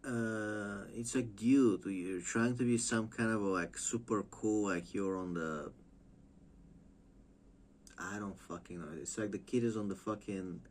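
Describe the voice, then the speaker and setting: A man's voice: lowish voice, unhurried, a little hiss or hum. A man ranting casually and profanely as a wrestling vlogger, rambling and mocking. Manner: rambling, mocking, lots of filler and restarts.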